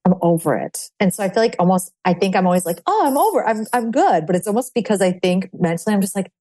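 A woman's voice: on the low side, fast talker, dark tone, no room sound. A woman hosting a podcast, chatting candidly in a casual conversation with many fillers. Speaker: podcast host.

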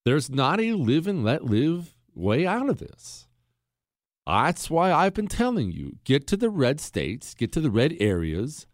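A man's voice: mid-range voice, no room sound, studio quality. A man hosting a talk radio show, speaking in a fiery, emphatic way and repeating lines for punch as he answers listener mail.

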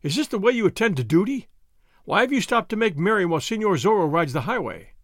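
A bold masked highwayman, voiced by a man reading a storybook lectures with lofty scorn. The voice sits high and swings widely in pitch. The sound is dry and close. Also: sing-song, fast talker, dry recording. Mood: commanding.

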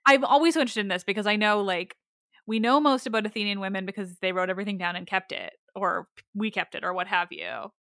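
A woman's voice: mid-range voice, fast, a bit bright, dry recording, clean studio sound. A woman co-hosting a casual podcast, asking curious, eager questions full of restarts. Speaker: podcast co-host. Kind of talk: casual chat.

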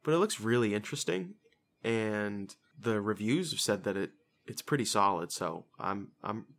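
A man's voice: on the low side, expressive, normal speed, vocal fry. Laughing, joking male podcast co-host. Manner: joking, laughs a lot, loose and profane. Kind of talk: casual late-night podcast chat.

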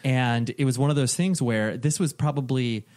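A man's voice: medium pitch, normal speed, darkish tone. A man hosting a casual interview, chatty and eager, full of likes and you-knows. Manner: chatty, filler-heavy, eager. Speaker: podcast host.

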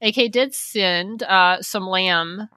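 A woman's voice: mid-range voice, slow, pushed and bright, dry recording. A woman co-hosting a podcast who reads listener mail aloud with playful asides. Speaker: podcast co-host. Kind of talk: casual chat, reading listener mail.

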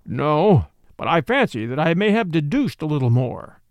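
A man's voice: on the high side, very animated, no room sound, studio quality. A man reading as Sherlock Holmes, grave and exact. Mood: grave, explaining. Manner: measured, explanatory. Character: brilliant calm male detective, grave and precise.

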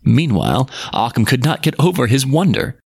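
A man narrating a storybook in a measured, even-toned reading. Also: medium pitch, creaky, breathy edge, dry recording.

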